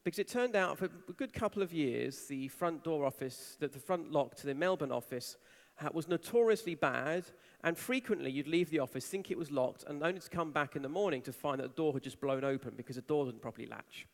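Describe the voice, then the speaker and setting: A man's voice: fairly high pitch, brisk. A man giving a conference talk, telling a story with animation and acting out the people he quotes. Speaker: conference speaker. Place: large conference hall. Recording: reverberant hall.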